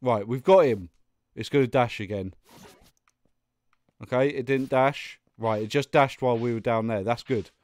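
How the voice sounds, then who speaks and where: A man's voice: mid-range voice, normal speed, long pauses, darkish tone, no room sound. A young man commentating his own gameplay, muttering and getting exasperated, with sudden outbursts and laughs. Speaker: gaming YouTuber. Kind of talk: let's play commentary.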